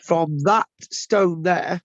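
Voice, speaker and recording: Very slowly, a high-pitched male lecturer speaks to his online class in a casual way, restarting and adding tag questions. The recording is dull, lo-fi, and dry, with no room sound.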